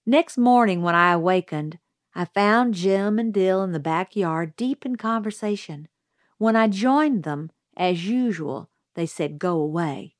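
A woman reading a novel as an audiobook narrator in a steady first-person storytelling way. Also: mid-range voice, unhurried, dry recording.

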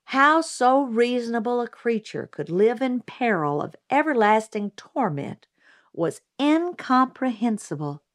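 A woman reading a novel as an audiobook narrator in a steady first-person storytelling way. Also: fairly high pitch, unhurried, no room sound, clean studio sound.

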